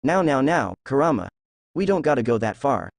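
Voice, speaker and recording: A man's voice: mid-range voice, big pitch swings, moderate pace, creaky, dry recording. A man voicing a playful, optimistic young male ninja in a read-aloud story. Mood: upbeat. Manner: playful, upbeat.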